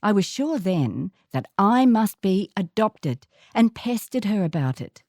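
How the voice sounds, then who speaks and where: An older Australian woman reads a first-person story in a measured, reflective way. Her voice is mellow and dark-toned, and the recording is close and dry with no room sound. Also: mid-range voice, very animated, dry recording. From Northern England, raised in Queensland.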